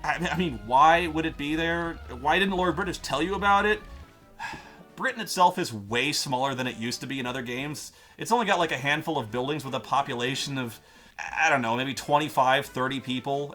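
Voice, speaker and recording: A man's voice: medium pitch, fairly quick, sharp tone, soft background music. A man narrating a comedic game review in a ranting, sarcastic, profane manner.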